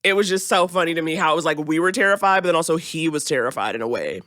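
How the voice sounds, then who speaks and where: A woman on a comedy podcast, spinning a story with lots of energy and acting out each person's voice as she goes. Her tone is bright and forward, and the studio sound is close and dry. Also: sits low, very fast, dry recording. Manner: animated, acts out voices while telling a story. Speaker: podcast guest.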